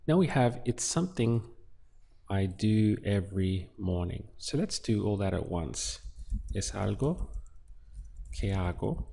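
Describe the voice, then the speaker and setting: A man with a dark, somewhat low voice and vocal fry teaches Spanish, speaking expressively. He goes slowly through each word of the translations in a relaxed, explanatory way.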